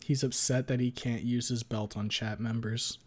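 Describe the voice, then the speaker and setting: A man's voice: medium pitch, little pitch movement, normal speed. A man streaming live and chatting casually with his viewers in a rambling, crude way, swearing a lot and talking back to chat.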